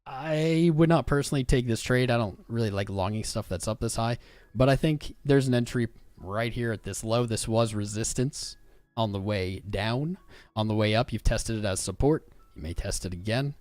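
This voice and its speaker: A man's voice: medium pitch, normal speed, a little mellow, dry recording. A man hosting a live crypto trading stream, chatting casually and reading out viewer comments as he goes through charts. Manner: upbeat, chatty, reads viewer comments aloud. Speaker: crypto livestream host.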